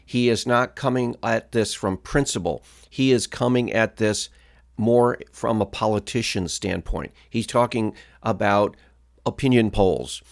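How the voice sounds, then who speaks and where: A man's voice: fairly low pitch, a little slow, creaky. A male pastor giving political commentary in a firm, blunt, moralizing way.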